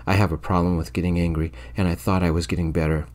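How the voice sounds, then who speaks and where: A man narrating a story in the first person, quietly and evenly, in soft-spoken ASMR storytelling. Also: deep voice, level tone, fast.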